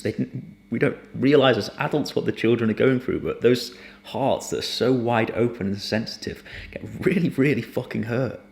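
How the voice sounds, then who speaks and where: A man teaching somatic emotional release in a gentle, earnest, unhurried way, sometimes dropping almost to a whisper. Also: fairly low pitch. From United Kingdom. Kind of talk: reflective spoken teaching to camera.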